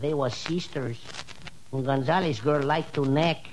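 A man's voice: on the high side, a little slow, natural voice, poor audio. A man playing a wisecracking male house servant with a Spanish accent, in 1940s radio comedy style. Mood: deadpan. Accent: Spanish-accented English. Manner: deadpan punchline delivery. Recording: old radio broadcast with loud hiss.

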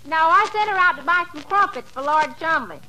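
A woman's voice: extremely high pitch, expressive, brisk, sharp tone, full character voice, poor audio. A woman playing a giggly, naive young country woman with a folksy manner, in 1940s radio comedy style. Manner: folksy, wide-eyed, giggly.

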